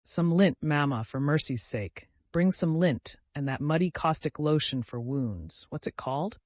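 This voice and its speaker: Lively, bossy invalid girl for an audiobook, read by a man, dry close sound. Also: no room sound. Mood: demanding. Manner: commanding, quick and high-strung. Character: sickly, capricious teenage girl, imperious and excitable. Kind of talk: audiobook character reading.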